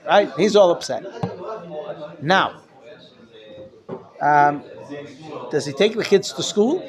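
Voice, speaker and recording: A man teaching a Torah class as a rabbi, animated and conversational, acting out little scenes in different voices. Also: high voice, drawn-out words, long pauses. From Israel-based.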